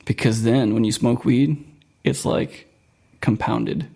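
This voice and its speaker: A man's voice: mid-range voice, fairly even intonation, slow pace, creaky, dark tone, slightly rough. A young man from Florida hosting a podcast in casual chat, rambling and laughing often. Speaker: podcast host.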